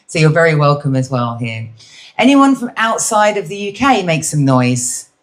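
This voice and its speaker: A woman's voice: low-pitched, very animated, normal speed. A middle-aged British woman doing stand-up, chatting cheekily with the audience. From Britain. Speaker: stand-up comedian. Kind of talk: stand-up crowd work. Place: comedy venue with live audience.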